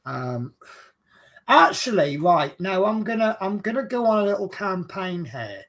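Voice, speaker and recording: Gravelly high-voiced Norfolk man. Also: sing-song, measured pace, fairly bright tone. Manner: chatty, rambling, self-mocking. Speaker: podcast host. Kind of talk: casual chat.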